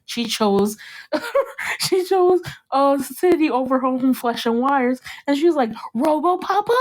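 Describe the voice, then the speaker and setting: Animated, laughing young woman host. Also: sits high, slow pace. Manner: animated storytelling, breaks into laughter, acts out scenes. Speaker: podcast host. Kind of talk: casual chat.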